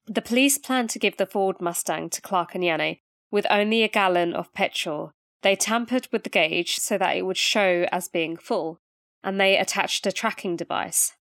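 A woman narrates a true crime case in a podcast at a middle pitch, steady when reading and chatty between passages. Her voice is recorded close and dry, with almost no room sound. She slips easily into casual banter. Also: moderate pace, no room sound. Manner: reads the case steadily, then breaks into chatty, laughing banter.

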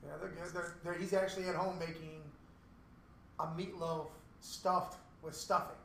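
Middle-aged man co-host, high, gravelly voice, rapid profane storytelling, set back from the mic in an echoey room. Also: flat delivery, fairly bright tone. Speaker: podcast co-host. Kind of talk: casual chat. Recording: echoey room, mic at a distance, faint noise.

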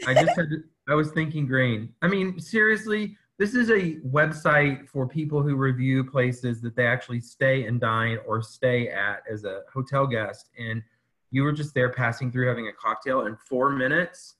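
A man co-hosting a casual chat, joking in a sarcastic way with quick quips. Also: medium pitch, fairly bright tone. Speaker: co-host.

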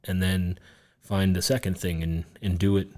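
A man with a very low, deep voice, chatting as a guest on a podcast. He rambles and loses his place, fills gaps with "like" and "you know", and swears casually. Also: level tone, moderate pace, a little mellow. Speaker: guest, business owner. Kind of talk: casual interview chat.

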